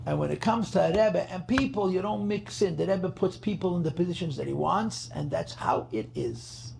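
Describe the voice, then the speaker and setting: A man's voice: sits high, expressive, normal speed, creaky, noisy background. A rabbi telling a story at a gathering, emphatic, repeating his phrases and mixing in Yiddish terms. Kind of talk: farbrengen storytelling talk.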